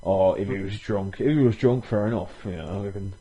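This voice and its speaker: A man's voice: fairly low pitch, a little fast, warm tone, poor audio. A man co-hosting a casual wrestling podcast, hesitant and speculative, swearing casually. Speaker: podcast co-host.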